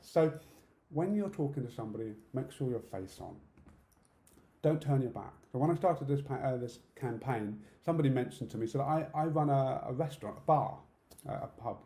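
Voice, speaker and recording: A man's voice: mid-range voice, mellow. A middle-aged man from the UK with a British accent, giving an online conference talk in a direct, practical way, often checking in with "okay?". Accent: British English. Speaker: conference speaker. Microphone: video call setup. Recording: roomy echo.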